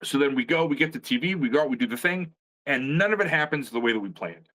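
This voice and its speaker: A man's voice: medium pitch, expressive, fast talker, bright, forceful tone. A middle-aged man speaking in an ordinary middle register, trading wrestling-life stories as a guest. He is loose and sarcastic, swears freely, and circles back on himself with restarts as he tells it. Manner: profane, rambling storyteller with frequent restarts; sarcastic humor. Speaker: guest, veteran pro wrestler. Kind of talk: casual storytelling chat.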